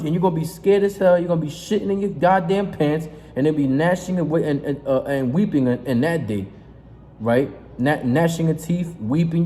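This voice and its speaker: A man preaching in a fiery, confrontational sermon, reading scripture aloud and breaking off into profane, emphatic asides with a steady "right?". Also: fairly high pitch, normal speed. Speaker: street preacher. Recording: reverberant space with faint noise.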